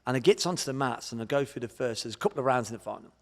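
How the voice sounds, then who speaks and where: A man in his forties with an English accent speaks at a medium pitch, recounting his story with animated bursts of feeling. His voice carries a long hall reverb around it. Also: rapid-fire. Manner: animated storyteller, acts out his own past thoughts. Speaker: guest, martial arts champion. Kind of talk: storytelling podcast interview.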